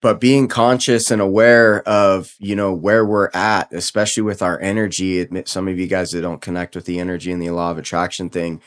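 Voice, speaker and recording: Low-voiced candid male podcaster. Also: flat delivery, a little fast, few pauses. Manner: casual, candid, swears freely. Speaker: podcast host. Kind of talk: solo motivational podcast talk.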